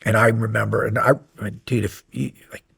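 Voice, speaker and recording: A man in his fifties, a podcast guest and former Navy SEAL, telling stories in a casual interview, animated at times and dropping to quiet intensity at others. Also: lowish voice, fairly quick, creaky, husky.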